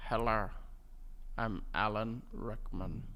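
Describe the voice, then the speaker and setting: A man doing a deep, drawling British seducer. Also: fairly even intonation, bright, forceful tone. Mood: sultry. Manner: low drawn-out murmur. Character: impression of a British film actor, deep slow seductive man. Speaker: podcast host.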